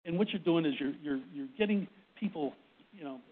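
A man's voice: a little high, fairly quick. A man from Boston giving a workplace presentation to an audience, short of breath, who often restarts and keeps checking in with "right?". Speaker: presenter on a panel. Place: conference room with audience. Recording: tinny phone-like recording.

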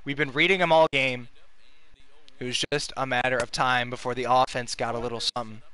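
A man's voice: medium pitch, fairly even intonation, brisk, bright, forceful tone. A young man giving casual, profane gameplay commentary as a gaming video host, venting frustration and urging on his players.

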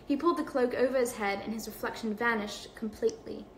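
A young woman reading a storybook aloud on a livestream, relaxed and laughing off her own slips. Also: a little high, quick pace, a little hiss or hum. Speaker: host. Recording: echoey room.

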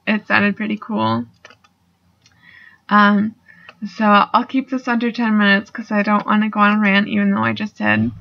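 A woman's voice: medium pitch, little pitch movement, normal speed, creaky. A young woman talking casually in a video response, rambling with fillers and casual swearing, a little emotional. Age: young adult. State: getting emotional. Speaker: student vlogger. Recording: dull lo-fi recording.

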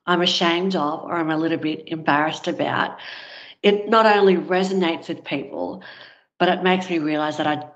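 A woman's voice: fairly low pitch, a bit bright, highs cut off. Candid woman telling a story. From Australia. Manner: candid, conversational, frequent fillers. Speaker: interview guest. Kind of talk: personal storytelling in an interview.

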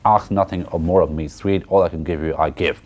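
A man's voice: low-pitched, steady tone, brisk, darkish tone, lo-fi sound. A man reading aloud the lines of a boisterous, mocking young medical student. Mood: jovial.

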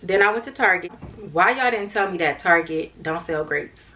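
A woman's voice: lowish voice, expressive, normal speed, sharp tone, a little hiss or hum. A young woman vlogging in a casual, rambling way, tired and chatting to her viewers as "y'all". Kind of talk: casual vlog chat to camera.

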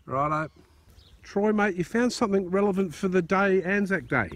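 A man's voice: sits high, moderate pace, a bit bright. An Australian man hosting a metal detecting outing outdoors, chatty and joking, filmed on a phone. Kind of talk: casual chat. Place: dry field outdoors. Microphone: phone camera.

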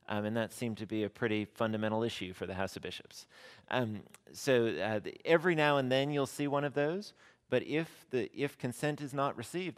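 A man teaching a parish class, talking in a loose, conversational way. He keeps checking in with his listeners, repeats the terms he wants them to learn, and asks them questions as he goes. His pitch sits in a middle register. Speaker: rector teaching a church class. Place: church classroom.

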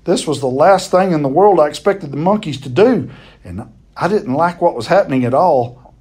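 A man's voice: on the high side, animated, moderate pace, a little mellow, husky. A man reading a novel chapter aloud, telling it expressively and now and then stumbling and repeating a word.

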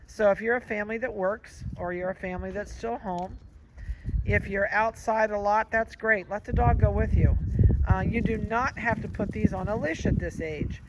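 Folksy high-pitched guy, dog breeder chatting out in a yard, wind blasting the mic. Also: steady tone, moderate pace. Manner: chatty, folksy, stops to comment on the puppies. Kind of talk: casual outdoor advice talk. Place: outdoor yard on a hill. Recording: loud wind noise outdoors. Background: wind and puppies playing.

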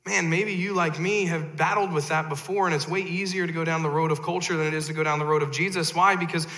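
A man preaching a sermon as pastor, impassioned, rising loud then dropping low. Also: fairly even intonation, quick pace, in a large hall.

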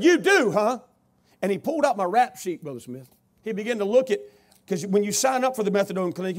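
A man preaching a revival testimony, telling his story with rising shouted intensity. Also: high-pitched. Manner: storytelling, builds to loud shouting.

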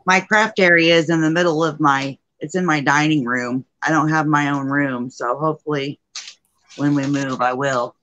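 A woman's voice: low voice, normal speed, a bit bright, dull audio, a little hiss or hum. A woman chatting casually on a crafting live stream from her dining room, laughing often. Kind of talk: casual chat.

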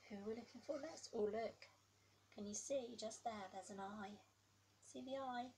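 A woman preschool teacher reading a picture book aloud to toddlers. She coaxes them with questions and drops to hushed whispers for suspense. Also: medium pitch, moderate pace, slight background noise. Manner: coaxing, asks the children questions.

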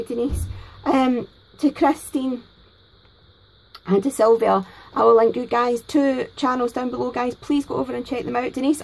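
A Scottish woman hosting a crafting vlog, gushing excitedly and a bit nervously over gifts. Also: sits high, gravelly, low-quality recording. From Scotland. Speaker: crafting channel host. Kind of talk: casual unboxing vlog.

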